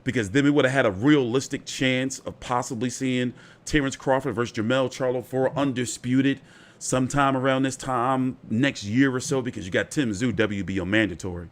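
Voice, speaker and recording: A man hosts his own boxing channel in a loose, off-the-cuff style at an ordinary speaking pitch. He rambles through fight talk and swears freely. His sentences are full of "like" and "you know.". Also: fairly even intonation, normal speed. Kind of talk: casual fight commentary.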